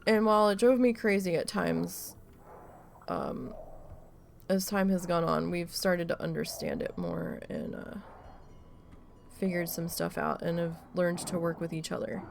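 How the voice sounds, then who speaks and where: A woman's voice: lowish voice, animated, unhurried, creaky, darkish tone, slight background noise. A woman streamer chatting casually while she plays, telling an exasperated story with a lot of swearing. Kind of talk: casual chat during a live gameplay stream.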